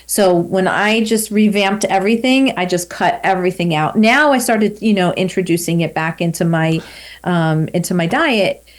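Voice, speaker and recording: A woman's voice: on the low side, moderate pace. A woman in her fifties, a podcast guest, talking candidly and reflectively in a casual interview. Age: 50s. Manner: candid and reflective, with light laughs.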